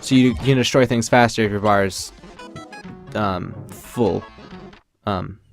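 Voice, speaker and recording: A man's voice: fairly low pitch, takes it slowly, faint music behind. A man commenting on a game he is playing, explaining it in a rambling, casual way full of "like" and "um". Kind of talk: casual group chat.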